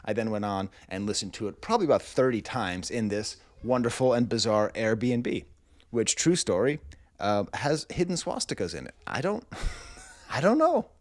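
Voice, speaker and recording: A man's voice: lowish voice, lively intonation, normal speed, dry recording. A middle-aged man reviewing music, telling a long story in a rambling, wry way full of comic asides, indoors in a rental house.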